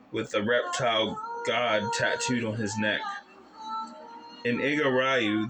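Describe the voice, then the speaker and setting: Male audiobook narrator, slow and careful read, mid-range voice, music bed. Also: mid-range voice, rough recording. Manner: slow, deliberate reading with occasional self-corrections. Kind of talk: reading a novel aloud. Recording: background music under the voice.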